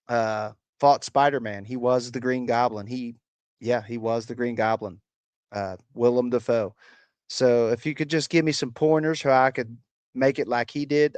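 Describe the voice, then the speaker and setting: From a rural home in the United States, a man with a mid-range voice runs a casual livestream, cursing and making fun of the comments in a meandering way. There's no echo on the audio.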